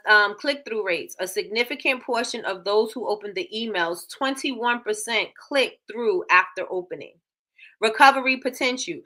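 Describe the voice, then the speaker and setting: Reading figures aloud on her casual business livestream, a woman with a medium-pitched, pushed, bright voice chats away and repeats herself.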